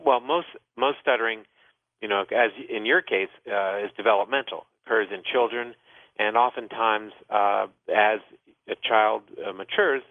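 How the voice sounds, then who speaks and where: A man's voice: lowish voice, normal speed, no echo. A man, a doctor hosting a call-in health show, explaining at length with many "uh" fillers. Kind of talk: call-in radio advice. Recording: thin phone-like dry sound.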